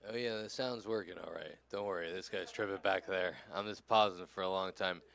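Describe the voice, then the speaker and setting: A man's voice: low voice, steady tone, a little fast, creaky, a bit bright. A tired, tipsy man from California doing a rambling, crude, self-deprecating stand-up set. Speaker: stand-up comedian.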